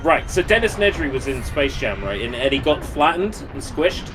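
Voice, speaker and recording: A man's voice: on the high side, sing-song, moderate pace, music in the background. A man co-commentating a livestreamed game race, rambling casually and riffing jokes. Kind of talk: casual chat.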